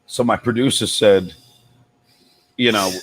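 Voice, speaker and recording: A man telling a wild story as an interview guest, animated and emphatic, swearing freely. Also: fairly low pitch, measured pace, slight background noise. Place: club stage.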